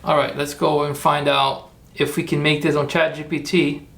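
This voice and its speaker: Brief: male streamer, gravelly, pitched a bit high, rambling commentary. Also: little pitch movement, normal speed, a bit bright. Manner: thinking aloud, rambling, self-correcting. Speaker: streamer making AI videos. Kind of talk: live-stream screen-work commentary.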